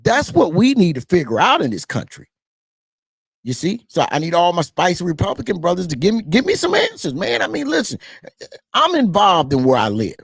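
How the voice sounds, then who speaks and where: A man with a Southern US twang talks politics straight to camera, preaching and repeating his points to the viewers he calls y'all. His voice is gravelly and fairly high, and his pitch swings widely. The sound is dry and close. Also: wildly swooping pitch, a little fast, no room sound. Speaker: political talk show host. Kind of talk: casual political commentary to camera.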